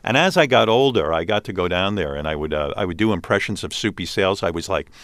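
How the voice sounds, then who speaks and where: A low-voiced man in his sixties with a New York accent talks fast, recorded in a clean studio with no echo. He's a radio host appearing as an interview guest, telling animated stories in casual conversation and restarting his sentences often.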